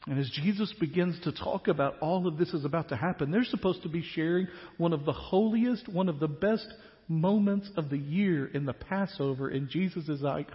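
A male pastor preaching a sermon, animated, acting out the disciples' questions in quick bursts. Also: fairly high pitch. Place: church sanctuary. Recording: dull sound with long church reverb.

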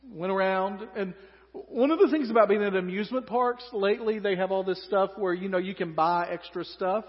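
A man's voice: sits high, long reverb tail, lo-fi sound. A man with a Southern US accent preaching a sermon in a conversational way, with joking asides. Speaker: pastor.

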